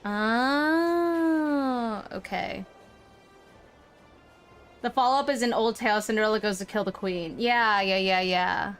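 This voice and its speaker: A woman's voice: on the high side, slow, long pauses, a bit bright, clear, resonant tone, faint music behind. Chatty woman streamer reading a game story. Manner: chatty, reads narration aloud and reacts.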